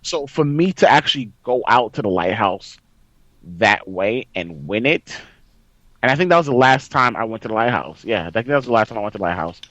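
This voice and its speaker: Excitable man retelling a game story. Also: fairly low pitch, brisk, dry recording. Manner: excitable storyteller, reenacts with loud outbursts. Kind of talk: casual gaming story chat. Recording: dry, slightly dull sound.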